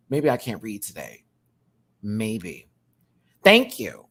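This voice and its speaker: A man's voice: fairly low pitch, wildly swooping pitch, takes it slowly, long pauses, a bit bright. A man who performs in drag, giving a sassy, slangy rant reviewing a reality show and thanking his viewers. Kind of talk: casual reaction rant.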